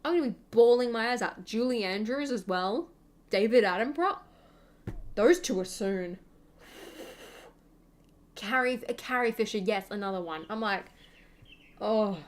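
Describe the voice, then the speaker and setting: A woman's voice: fairly high pitch, expressive, unhurried, pauses often. A young woman, hosting a gaming channel and chatting casually over gameplay in a rambling way, full of fillers.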